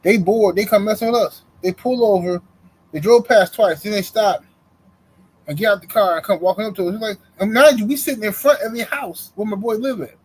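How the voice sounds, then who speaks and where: A man's voice: high voice, fairly quick, slightly rough, poor audio. A middle-aged man in casual chat, animatedly telling a personal story in slang-heavy everyday speech and acting out the other people's voices. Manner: animated storyteller, acts out the voices in his stories. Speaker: co-host.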